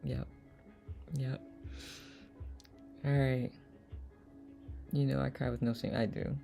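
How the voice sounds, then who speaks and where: A woman hosts a live online chat, reading viewers' messages aloud and laughing often. Her voice sits low with a gravelly fry and a mellow, dark tone. Soft music plays faintly behind her. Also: level tone, slow. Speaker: host.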